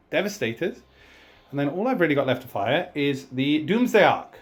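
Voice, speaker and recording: A man talks through his turn in a tabletop miniatures battle, calling out dice results as he goes. His voice sits a little high, and he is chatty and self-mocking, getting excited whenever a roll goes his way. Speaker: tabletop wargame player narrating his turn. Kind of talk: casual battle report commentary.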